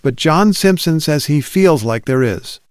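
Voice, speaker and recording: Guy interviewer, playful and curious, slightly high voice. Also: lively intonation, a little slow, no room sound, studio quality. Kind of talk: narrated interview report.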